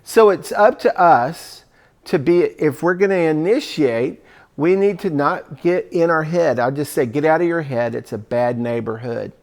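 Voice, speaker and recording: A man with a fairly high, gravelly voice talks job seekers through making the call. His delivery is conversational and coaching, and he slips into little acted-out phone conversations along the way. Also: unhurried, darkish tone. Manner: conversational, acts out sample phone calls. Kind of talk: coaching talk.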